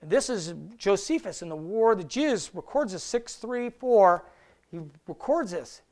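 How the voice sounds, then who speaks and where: A man's voice: high-pitched, expressive. Man teaching scripture, conversational and questioning. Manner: conversational, asks rhetorical questions, reads old scripture slowly. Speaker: Bible teacher. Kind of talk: casual Bible study teaching.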